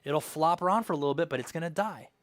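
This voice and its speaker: A man's voice: fairly high pitch, animated, fast, no room sound. A man preaching a sermon as pastor, emphatic, with rhetorical questions and repeated phrases.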